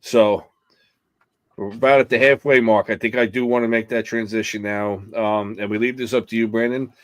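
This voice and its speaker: A man with a somewhat low voice hosts a podcast interview. He chats casually, affirms his guest and reflects on their story before moving to the next question. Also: steady tone, normal speed, clear, resonant tone. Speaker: podcast host.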